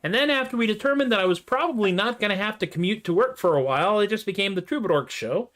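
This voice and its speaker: A man's voice: high-pitched, animated, fast, a bit bright. A man hosting a home livestream of comedy songs, chatting in a playful, self-deprecating, rambling way. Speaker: host and singer-songwriter. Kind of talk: casual livestream chat between comedy songs. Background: acoustic guitar strumming.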